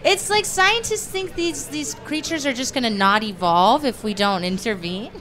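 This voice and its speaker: A young woman on a casual podcast panel, talking excitedly and rambling. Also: on the high side, moderate pace, faint music behind.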